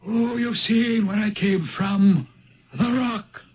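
An actor playing an ancient male Viking spirit turned Irish, who talks gravely in measured riddles for a 1970s radio drama. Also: high-pitched. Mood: solemn. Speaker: Old Man of the Rock. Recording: dull lo-fi 1970s radio broadcast.

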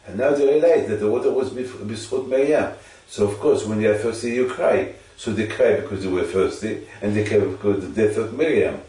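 A man giving an informal Torah teaching to a listener, halting and repeating phrases for emphasis. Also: lowish voice, dark tone. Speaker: religious teacher. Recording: echoey room, distant mic.

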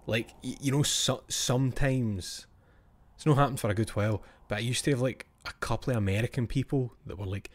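A Scottish man streams and chats casually with his viewers and live chat, speaking bluntly, swearing freely, and chuckling in asides. His voice is mid-range at normal speed.

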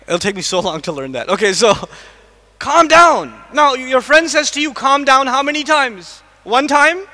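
A man from the United States, probably middle-aged, giving an animated religious lecture to a live audience, asking it questions and quickly reciting Arabic verses. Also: very high-pitched. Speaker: Islamic lecturer. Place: large lecture hall. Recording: long hall reverb.

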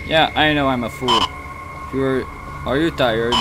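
A young man giving casual let's play commentary, yelling and cursing at the game between goofy asides. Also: mid-range voice, measured pace, heavy background noise. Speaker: gamer playing on video. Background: game music.

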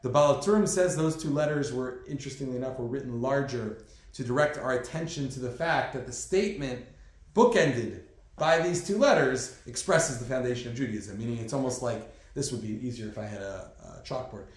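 Rabbi lecturing in a very echoey room. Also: male voice, mid-range voice, a little fast. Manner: conversational, with fillers and asides. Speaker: rabbi teaching a class. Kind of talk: classroom lecture.

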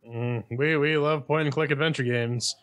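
A man's voice: medium pitch, fairly even intonation, normal speed, fairly bright tone. A man co-hosting a gaming podcast in casual chat. He is wry and joking, and reads listener mail aloud. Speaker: podcast co-host.

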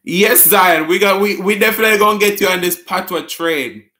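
A man's voice: high-pitched, brisk, sharp tone. A man with a Jamaican accent hosting a casual live stream, reading viewer comments aloud, answering them and laughing often.

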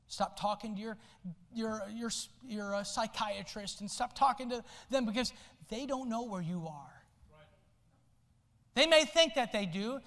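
A male pastor preaching a sermon, swinging from soft low asides to loud shouted lines. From United States. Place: church sanctuary. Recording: long hall reverb in a church.

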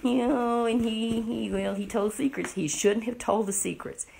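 A middle-aged woman telling a Bible story to children, animated and often asking the listener questions. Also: on the high side, normal speed, gravelly, a little hiss or hum.

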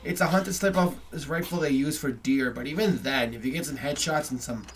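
A young man giving profane commentary over a game, swearing constantly and yelling when startled. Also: a little high, fairly quick. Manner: swears constantly, yells when startled, rambling asides to viewers. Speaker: gameplay streamer. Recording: distant mic with clear background noise.

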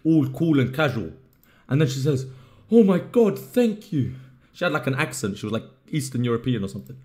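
Animated young man telling a story. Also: medium pitch, fast. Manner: animated, joking, swears freely. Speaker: streamer. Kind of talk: casual storytelling to a live chat.

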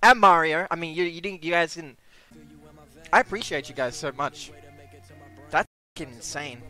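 A young Australian man streaming a game, excitable and quick to exclaim and swear. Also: high-pitched, soft background music. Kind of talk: live stream reaction.

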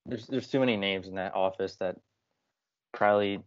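A man's voice: low voice, fairly even intonation, normal speed, no room sound. A young man co-hosting a casual sports podcast, making blunt, wry remarks. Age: young adult. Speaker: podcast co-host. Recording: dull lo-fi dry recording.

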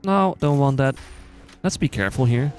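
A man with a non-native accent chatting casually to viewers while playing, quick to excited outbursts and joking at himself. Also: medium pitch, faint music behind. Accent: non-native English accent. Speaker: gaming channel host. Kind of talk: casual let's-play commentary.

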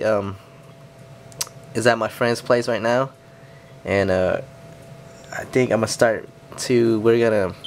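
A man with a lowish, hoarse voice that is starting to give out talks casually to his subscribers about a home project. He speaks haltingly, with many pauses and fillers, and keeps turning to the viewers as guys. A faint hum sits behind him. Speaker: hobbyist vlogger. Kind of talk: casual DIY video chat to subscribers.

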